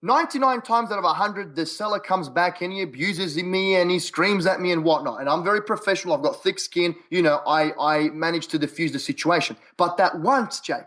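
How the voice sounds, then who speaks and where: Aussie guy w a high voice, repeats stuff for emphasis, chatty guest. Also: brisk, few pauses, fairly bright tone. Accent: Australian. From Australia. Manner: punchy, quote-heavy, repeats himself for emphasis. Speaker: podcast guest. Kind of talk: casual interview chat.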